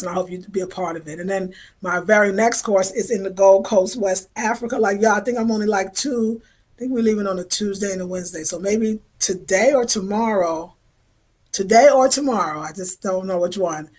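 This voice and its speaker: Woman, fifties, livestream host; casual, warm-hearted slangy chatter greeting viewers by name. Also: mid-range voice, brisk. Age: 50s. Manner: chatty, effusive, informal slang. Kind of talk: casual livestream chat reading viewer comments.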